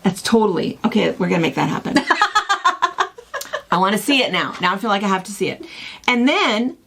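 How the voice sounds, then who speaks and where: Woman, middle-aged, casual co-host chat, rambling storyteller, husky voice. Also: mid-range voice, lively intonation, fairly quick, fairly bright tone.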